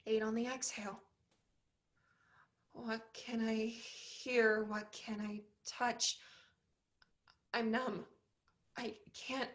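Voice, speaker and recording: A young woman acting a dancer who talks herself through panic in a stage play, slow and breathless. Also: a little high, little pitch movement. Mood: panicked.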